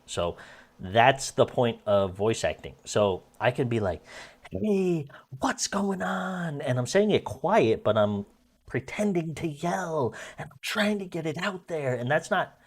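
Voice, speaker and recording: A man explains voice-acting tips at a medium pitch, rambling and correcting himself as he goes. He talks casually into a desk microphone at his home computer. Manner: rambling, self-correcting, coaching tone. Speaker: amateur voice actor vlogging his practice.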